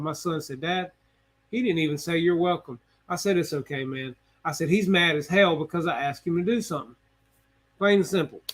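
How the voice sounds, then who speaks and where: Folksy middle-aged man with a higher voice. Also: a bit bright. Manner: plainspoken, folksy, retells conversations with asides to viewers. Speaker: host of a live hobby stream. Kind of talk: casual storytelling chat.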